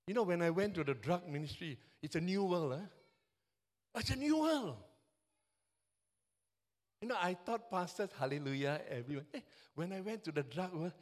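Singaporean-accented male pastor, 70s, high voice, fervent and carried away when he preaches. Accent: Singaporean English. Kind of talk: sermon.

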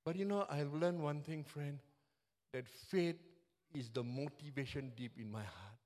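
A man's voice: fairly high pitch, a little slow, darkish tone. A man in his seventies with a Singaporean English accent, preaching a fervent, passionate sermon to a church as pastor. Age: 70s.

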